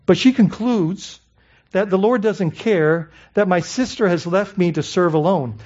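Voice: medium pitch, lively intonation, moderate pace, darkish tone, highs cut off. A pastor preaching a sermon in a conversational way, asking the congregation rhetorical questions and often adding "I mean" and "right?".

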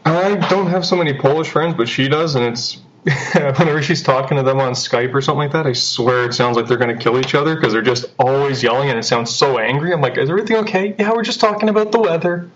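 A man's voice: medium pitch, quick pace, a bit bright, a little hiss or hum. Young guy, laid-back and chatty, keeps laughing, a bit muffled recording. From Canada. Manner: chatty, laughs often, acts out quotes. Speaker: interview guest. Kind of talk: casual interview chat. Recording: dull lo-fi recording.

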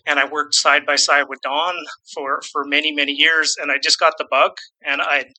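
A fifty-something Canadian real estate investor from Saskatchewan speaks as a guest in a casual interview, rambling, self-deprecating, and frequently repeating words. His fairly high voice is pushed and bright with a flat delivery at a moderate pace. The recording is rough.

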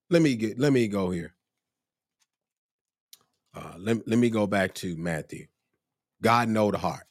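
A man preaching a sermon, exhorting and working himself up with cries of praise and long drawn-out phrases. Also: on the low side. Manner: exhorting, rising to excited shouts of praise.

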